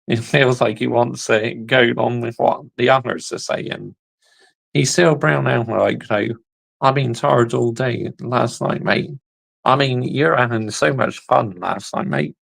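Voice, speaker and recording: A man's voice: mid-range voice, vocal fry, fairly bright tone, rough recording. A man hosting a casual football reaction video, talking bluntly with slang and the odd swear word.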